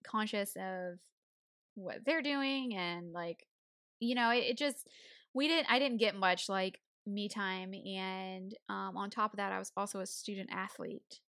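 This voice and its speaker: A woman's voice: mid-range voice, a little slow, a bit bright, clean tone, no echo, studio quality. A young woman co-hosting a podcast, chatting casually and laughing easily, often saying "like". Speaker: podcast co-host. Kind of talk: casual chat.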